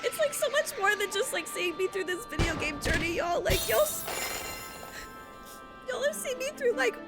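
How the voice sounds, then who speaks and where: A woman's voice: very high-pitched, sing-song, normal speed. A young woman streaming a video game live, talking emotionally to her viewers, exclaiming and laughing often. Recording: game music playing behind.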